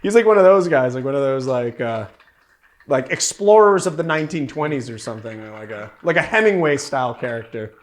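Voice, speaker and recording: With an animated, mid-range voice and a fairly quick delivery, a young man hosts a laid-back cocktail show. As the bartender host, he chats in a rambling, playful way full of filler words.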